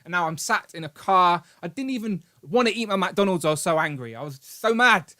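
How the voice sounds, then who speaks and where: A British man hosting a live stream, telling a long story in an animated, rambling way with grumbling asides. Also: sits high, a little fast. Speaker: host. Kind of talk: casual live-stream chat.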